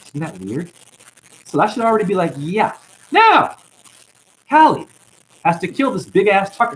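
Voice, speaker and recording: A man's voice: on the high side, low-quality recording. A man giving an impassioned spiritual monologue as a self-styled teacher, ranting at his viewers and calling them honey. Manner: ranting, calls listeners honey.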